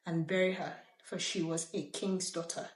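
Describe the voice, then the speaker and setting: A ruthless warrior king gives blunt, commanding orders, read by a woman. The voice sits slightly low, and the room echoes around it. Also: little pitch movement, normal speed, natural voice. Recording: roomy echo.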